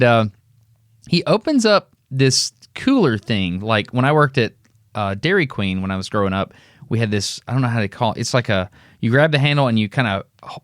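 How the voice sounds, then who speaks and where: A man's voice: medium pitch, no echo, studio quality. A man from Alabama telling a funny story on a podcast, acting out the people in it and laughing often. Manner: animated storyteller who acts out voices and laughs often. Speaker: podcast co-host. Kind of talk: casual storytelling chat.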